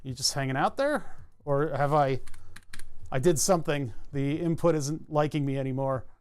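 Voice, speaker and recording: A man streaming live, thinking aloud in a halting, self-interrupting way as he works through a technical problem. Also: fairly high pitch, clear, resonant tone. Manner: muttering, halting, self-interrupting while debugging.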